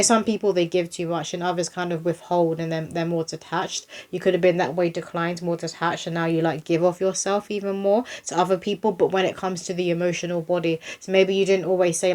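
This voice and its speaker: A young adult woman giving a casual psychic reading, chatty and rambling, with slow read-aloud poems in between. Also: fairly low pitch, a little mellow. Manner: chatty, rambling, with many fillers and restarts; reads short poems aloud slowly. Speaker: psychic medium doing a tarot reading.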